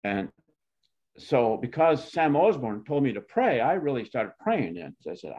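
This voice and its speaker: A man's voice: mid-range voice, sing-song, moderate pace, breathy edge. Older Oklahoma man reminiscing, lo-fi. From Oklahoma, USA. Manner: rambling, heartfelt, with many restarts. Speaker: interviewee. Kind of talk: reflective life-story telling.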